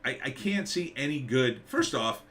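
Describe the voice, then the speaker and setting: A middle-aged man hosts a casual live stream, drifting from point to point with sarcastic asides and answers to the chat. His voice is bright and tense, and his pitch sits in the middle for a man. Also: expressive, normal speed. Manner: rambling, sarcastic, reads chat names aloud.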